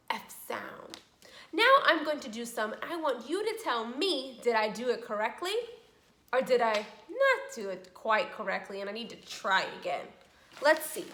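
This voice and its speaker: Slow, animated woman teaching speech sounds. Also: high voice, roomy sound. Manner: slow, exaggerated, encouraging teacher talk. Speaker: speech therapist. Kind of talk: children's speech lesson.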